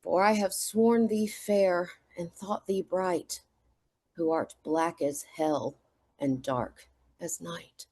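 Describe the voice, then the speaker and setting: A woman's voice: lowish voice, steady tone, darkish tone. A woman with a Southern American accent gives a short, hesitant introduction, then reads a sonnet aloud. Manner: unhurried, halting introduction with fillers. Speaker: sonnet reader. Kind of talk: poetry reading.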